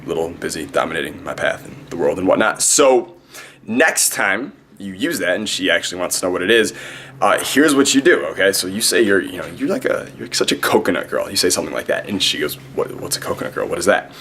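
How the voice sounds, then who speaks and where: A young man talks to the camera like a swaggering dating coach, full of swearing and self-promotion. His voice sits very low and he races through his sentences. A faint hiss hangs behind the recording. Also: animated, fairly bright tone. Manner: brash, profane, fast-talking. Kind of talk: direct-to-camera advice vlog.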